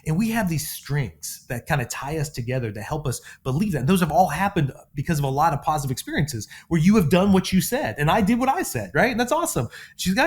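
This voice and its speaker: A middle-aged man co-hosting a parenting podcast as a counselor, telling stories in a relaxed conversational way and acting out the quotes in them. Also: on the high side, fairly quick, husky. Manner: animated, acts out quotes in his stories. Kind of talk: conversational storytelling.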